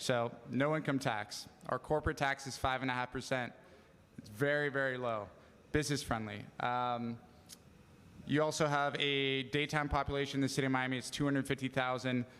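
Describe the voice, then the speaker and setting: A man on a panel gives a quick, fact-packed answer in a smooth, resonant voice. The sound carries the long reverb of a hall. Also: medium pitch, a bit bright. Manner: concise, fact-driven. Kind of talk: answering audience question.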